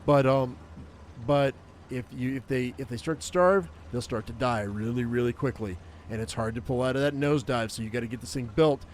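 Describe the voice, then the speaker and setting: A man talking his way through a game as he plays, with easygoing, rambling commentary full of ums and restarts. His voice sits at an ordinary middle pitch. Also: a little fast, a little hiss or hum. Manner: rambling, filler-heavy, thinking aloud. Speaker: gaming YouTuber. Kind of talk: gameplay commentary.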